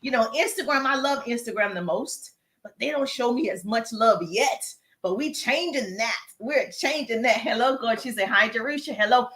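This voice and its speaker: A woman's voice: fairly high pitch, normal speed, fairly bright tone. A woman with a Southern US accent hosts a live business Q&A stream, greeting viewers in the chat with upbeat energy while walking on a treadmill and getting over a cough. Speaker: livestream host, business coach.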